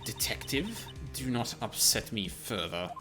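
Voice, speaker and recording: A man's voice: on the low side, very animated, over music. A man doing a stern, cold noblewoman. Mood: commanding. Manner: measured, commanding.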